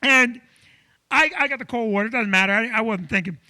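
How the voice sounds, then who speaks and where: A male comedian hosting a live show from a comedy club stage, telling an animated, self-deprecating story. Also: very high voice, fast.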